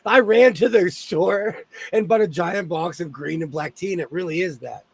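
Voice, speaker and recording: A man with a Southern Californian accent hosting a casual group chat about sewing, talking fast and playfully. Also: high-pitched, vocal fry, slightly rough. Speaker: sewing channel host.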